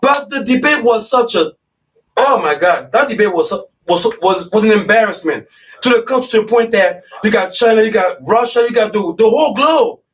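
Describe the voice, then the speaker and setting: A man's voice: high voice, animated, brisk, recorded from a distance, poor audio. A man hosting a live radio talk show, speaking in an impassioned, repetitive way and calling his listeners y'all.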